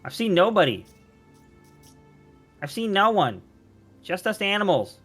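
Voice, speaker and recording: A man voicing a small, greedy, pushy raccoon that squeaks and keeps begging for food. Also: sing-song, measured pace, a bit bright, husky, faint music behind, exaggerated voice. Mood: flat, casual. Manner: high squeaky pleading, repeats itself.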